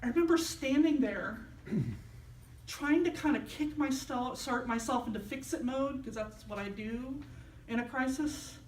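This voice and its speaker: A woman's voice: sits high, unhurried, a little mellow, slight background noise. A woman minister giving a sermon, telling a personal story and acting out the voices of the people in it. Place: church sanctuary. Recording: echoey hall, mic at a distance.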